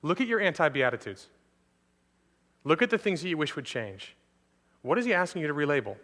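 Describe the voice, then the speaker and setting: A man's voice: fairly high pitch, big pitch swings, brisk, fairly bright tone. A man preaching a sermon as pastor, speaking earnestly and addressing listeners directly again and again. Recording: long hall reverb from a church.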